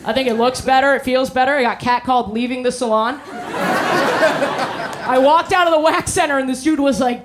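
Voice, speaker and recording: A woman stand-up comedian doing crowd work in a brash, crude, swaggering way. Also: sits high. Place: comedy club stage. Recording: loud crowd and noise. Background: loud audience laughter.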